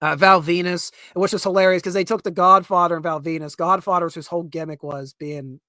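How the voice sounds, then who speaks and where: Young man, Pittsburgh accent, podcast host, animated rant, dry close sound. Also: sits high, brisk, dry recording. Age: young adult. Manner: animated ranting with laughs and restarts. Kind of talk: casual rant.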